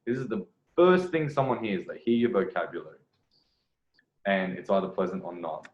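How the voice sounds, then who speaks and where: Male dating coach talking over a clip, low-ish voice, rambling and self-correcting, lo-fi echoey room sound. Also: animated, normal speed. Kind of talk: video commentary.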